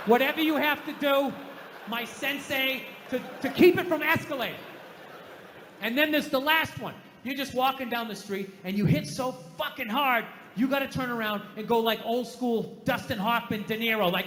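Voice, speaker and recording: A man's voice: very high voice, normal speed, a bit bright, a little hiss or hum. A middle-aged man doing a stand-up comedy set, telling profane, exasperated stories in a ranting way. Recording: live stage recording with hall reverb.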